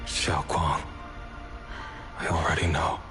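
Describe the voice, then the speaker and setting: An actor playing a solemn, protective older brother who speaks in slow vows. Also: male voice, a bass voice, level tone, sharp tone, full character voice. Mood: sorrowful. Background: game music.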